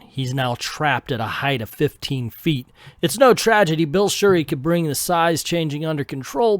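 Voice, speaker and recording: A man's voice: on the high side, no echo, studio quality. A middle-aged man recapping an old comic book with sarcastic asides, reading the panels aloud. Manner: sarcastic, voices characters while reading.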